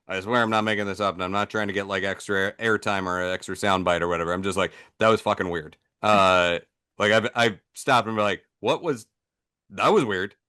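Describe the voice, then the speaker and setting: A man's voice: sits low, smooth. A man hosting a casual talk show chat, telling stories and acting out little voices as he goes. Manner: animated, acts out voices in his stories. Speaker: podcast host.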